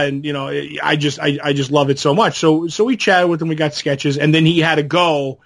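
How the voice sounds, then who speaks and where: Higher-voiced man telling rambling stories. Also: steady tone, normal speed, hardly any pauses, fairly bright tone. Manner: rambling anecdotal storyteller, laughs often. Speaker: podcast co-host. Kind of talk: casual chat.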